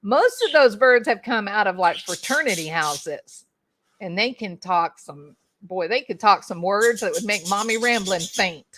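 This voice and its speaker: A woman's voice: medium pitch, lively intonation, a little slow, a bit bright, a little hiss or hum. A middle-aged woman hosting a casual livestream from home, chatting folksily and addressing viewers by name. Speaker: livestream host reading chat. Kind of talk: casual chat.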